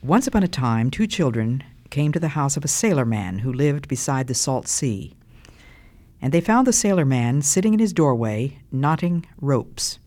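An animated storyteller reading a children's tale aloud and then talking over its lesson. The delivery is warm-paced and questioning, with a pitch that swoops high and low for emphasis. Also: moderate pace.

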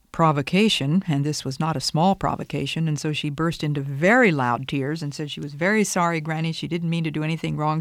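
An older woman and grandmother giving earnest, measured advice on disciplining children. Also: low voice, no echo, clean studio sound. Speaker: parenting advice speaker. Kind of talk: instructive talk.

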